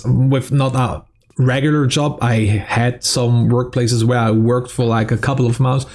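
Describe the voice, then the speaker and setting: Guy reading out viewer questions in a chatty q&a vlog, laughs easily, soft music under him. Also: medium pitch. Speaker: YouTuber answering viewer questions. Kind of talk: casual Q&A vlog.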